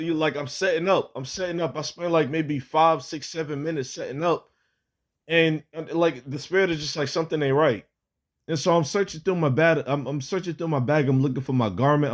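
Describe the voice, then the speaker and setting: A young religious vlogger, his voice slightly raised and fairly high in pitch, tells a personal testimony in a loose, rambling way. He keeps restarting sentences, leans on fillers like "you know" and "like", and swears casually.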